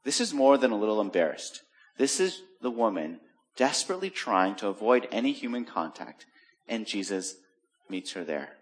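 A pastor giving a sermon in a conversational, storytelling manner, joking with the congregation and dropping to a soft, low voice for serious points. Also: male voice, sing-song, normal speed. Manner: conversational storytelling with jokes and acted asides.

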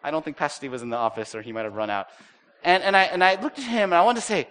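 Middle-aged man, pastor mid-sermon, forceful tone, animated storyteller. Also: sits high, very fast. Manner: animated storytelling with acted-out quotes.

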